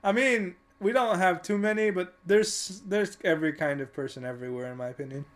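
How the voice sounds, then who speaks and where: A man's voice: high voice, brisk, fairly bright tone. A man from Canada chatting on a podcast, rambling with restarts and fillers and laughing often. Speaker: podcast co-host. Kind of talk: casual chat.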